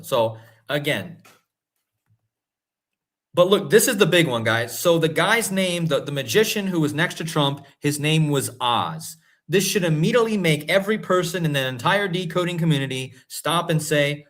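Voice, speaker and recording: A man hosting a livestream, talking in an excited, emphatic way and repeating points for his viewers. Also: on the high side, moderate pace. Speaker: host. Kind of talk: livestream commentary.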